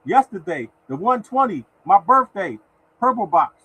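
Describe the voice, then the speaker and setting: A man's voice: high voice, big pitch swings, normal speed, slightly rough, muffled recording. A man hosting a casual livestream, talking in a repetitive, exhortative way and turning now and then to thank viewers in the chat by name. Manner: repetitive and exhortative, keeps addressing listeners as y'all. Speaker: livestream host giving lottery picks. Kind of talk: casual motivational livestream talk.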